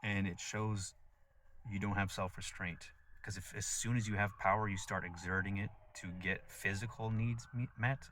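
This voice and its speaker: A man's voice: deep voice, pushed and bright. A man talking in a casual, rambling monologue, blunt and profane, full of fillers. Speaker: vlogger.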